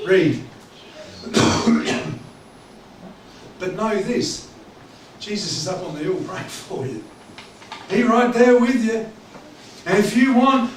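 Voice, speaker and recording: A man preaching a sermon as pastor, conversational and joking, swinging between loud preaching and low asides. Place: church hall. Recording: echoey church hall, distant mic, congregation audible. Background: congregation.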